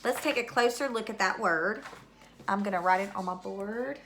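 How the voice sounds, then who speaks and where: A third grade teacher speaks to young children in a recorded video lesson, her mid-range voice bright and clear against slight background noise. At a moderate, patient pace, she asks questions and then confirms the answers as though the class had responded.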